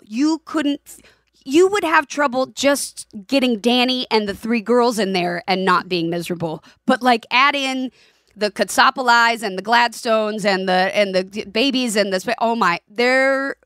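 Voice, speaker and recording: A woman in her forties co-hosting a podcast, casual chat, telling lively anecdotes and acting out the voices in them. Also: a little high, a little slow, dry recording, clean studio sound. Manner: animated storyteller, acts out voices in anecdotes. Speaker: podcast co-host.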